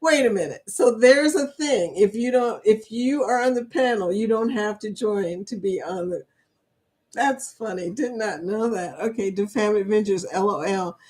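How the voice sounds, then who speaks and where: A woman's voice: medium pitch, normal speed, a little mellow. A woman hosting a live stream chat, reading viewer comments aloud, laughing often and speaking. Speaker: livestream chat host.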